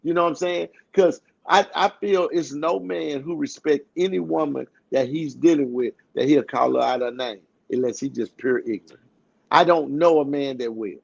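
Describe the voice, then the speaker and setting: A man's voice: fairly high pitch, normal speed, vocal fry. A man with a Houston accent, a podcast co-host in casual chat, loose and joking as he acts out heated lines. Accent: Southern US, Houston. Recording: dull lo-fi sound.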